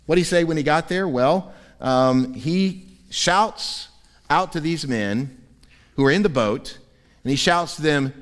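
A man's voice: fairly high pitch, moderate pace. Preaching man in a reverberant hall. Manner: animated, acts out quoted voices with humor. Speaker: pastor. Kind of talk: sermon. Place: church sanctuary.

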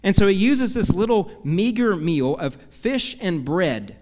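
A man's voice: high voice, big pitch swings, measured pace, darkish tone, in a large hall. A man preaching a sermon as pastor, earnest, with rhetorical questions and long cascading lists.

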